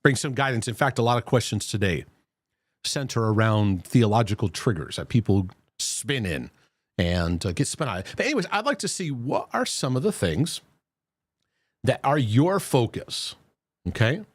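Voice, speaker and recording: Male livestream host, casual and talkative, animated delivery at an ordinary pitch. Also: normal speed, dry recording. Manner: chatty, greets viewers by name, loose restarts. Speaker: host of a Christian mental health livestream. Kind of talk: casual live-stream talk.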